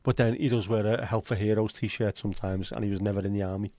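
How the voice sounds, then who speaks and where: A man's voice: on the low side, little pitch movement, fast talker, dark tone, no echo. A man, hosting a casual livestream chat with sweary, sardonic rants. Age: 50s. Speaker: livestream host.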